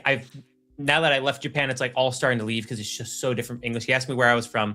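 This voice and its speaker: A man co-hosting a casual live stream, telling animated anecdotes and laughing as he talks. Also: mid-range voice, very fast. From United States. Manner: animated anecdote teller, laughs while talking. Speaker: co-host.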